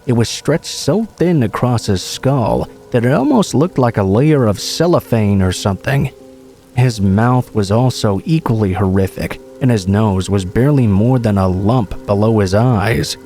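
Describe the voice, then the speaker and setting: A man with a lowish voice narrates scary stories in a steady, measured read. Soft music plays faintly underneath him throughout. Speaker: horror story narrator. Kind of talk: scripted horror narration.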